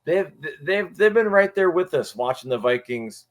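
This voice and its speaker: A man's voice: fairly high pitch, animated, moderate pace. A man co-hosting a sports podcast, complaining in an exasperated, sarcastic way in casual chat. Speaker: podcast co-host.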